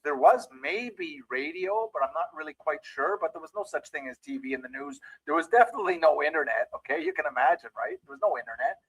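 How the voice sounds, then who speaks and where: A man's voice: on the high side, sing-song, quick pace, creaky, hardly any pauses, a bit bright, husky, no echo, rough recording. A man giving a motivational training talk as a mindset trainer, telling a story and speaking directly to his listeners.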